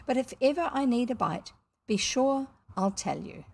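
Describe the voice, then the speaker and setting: A woman reading aloud and voicing Puck, a mischievous ancient male hill sprite, with a lively, breathy, teasing manner. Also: fairly high pitch, normal speed, voice pushed up, heavily acted. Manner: lively, teasing, sing-song when chanting. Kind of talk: storybook reading.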